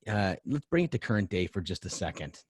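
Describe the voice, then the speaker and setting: A man's voice: low-pitched, very animated, brisk, husky. A man hosting a podcast, introducing topics with enthusiasm and asking his guest questions. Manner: enthusiastic, asks questions and reacts warmly. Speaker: podcast host. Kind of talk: casual interview chat.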